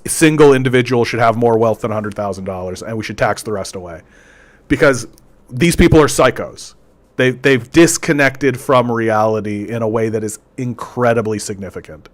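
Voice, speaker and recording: A man hosting a political commentary show, ranting sarcastically and stumbling over repeated words. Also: medium pitch. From Canada.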